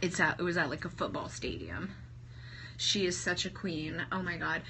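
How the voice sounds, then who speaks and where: A woman in her thirties gushing excitedly to livestream viewers, talking to them by name, her throat sore from singing. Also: fairly low pitch, normal speed. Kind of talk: casual livestream chat. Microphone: phone held at arm's length. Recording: phone livestream with faint ambient noise.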